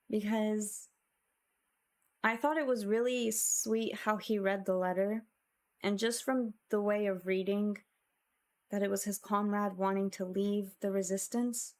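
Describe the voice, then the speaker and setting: A woman's voice: medium pitch, darkish tone. A woman streamer chatting with her viewers in a casual, emotional and reflective way, often sighing.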